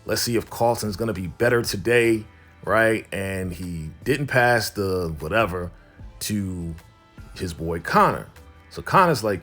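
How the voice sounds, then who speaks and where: A man's voice: fairly low pitch, a little slow, fairly bright tone, soft background music. A man hosting a casual TV episode recap, talking in slang and retelling the scenes as quoted back-and-forth dialogue. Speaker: TV recap host.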